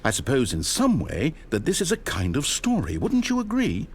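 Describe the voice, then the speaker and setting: A man's voice: medium pitch, wildly swooping pitch, normal speed, a little hiss or hum. An actor playing a theatrical, wry male narrator in a video game, with a dry storybook delivery. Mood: wistful. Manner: swings from grand to panicked. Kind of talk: scripted narration.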